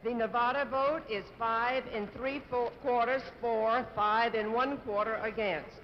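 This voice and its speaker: A woman's voice: fairly high pitch, steady tone, a little slow. A woman chairing a convention roll call, formally calling out states and reading each vote back. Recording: muffled old TV broadcast, faint hiss.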